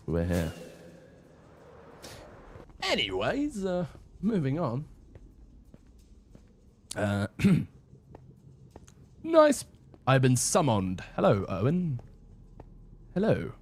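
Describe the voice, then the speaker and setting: Young male livestreamer, casual rambling chat, animated pitch, mid voice. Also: takes it slowly, long pauses. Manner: rambling, chatty, self-deprecating.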